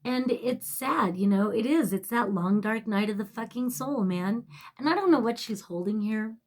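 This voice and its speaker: A woman giving a casual tarot reading to camera. She rambles, swears freely and is emotional, often sinking to a soft near-whisper. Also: fairly high pitch, animated, normal speed. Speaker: tarot reader.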